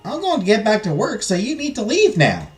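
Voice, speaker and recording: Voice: mid-range voice, huge pitch swings, brisk, roomy sound, recorded from a distance, faint music behind, voice pushed up. A game streamer voicing a frank, strong-willed teenage farm girl. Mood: blunt.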